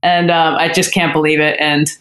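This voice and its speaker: A woman guest on a podcast, telling a personal story in a candid, heartfelt way with frequent pauses and restarts. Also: low voice, little pitch movement, a bit bright.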